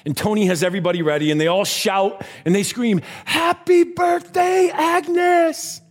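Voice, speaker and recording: A man's voice: high-pitched, fast. A man preaching a sermon, telling a story in a conversational way and dropping his voice at tender moments.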